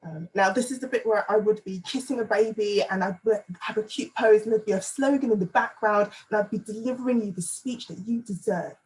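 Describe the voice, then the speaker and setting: A woman's voice: mid-range voice, a little fast, hardly any pauses, rough recording. A woman giving a playful, self-deprecating but earnest candidate speech over a video call. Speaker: candidate for advisory council.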